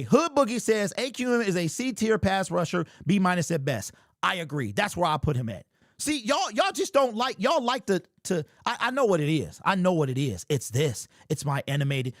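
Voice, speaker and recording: High voiced guy on a sports fan stream, worked up, ranting and saying bro a lot, dry close sound. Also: dry recording. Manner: animated, exasperated ranting, keeps saying "bro". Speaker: sports talk host. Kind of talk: live-stream fan talk reading chat.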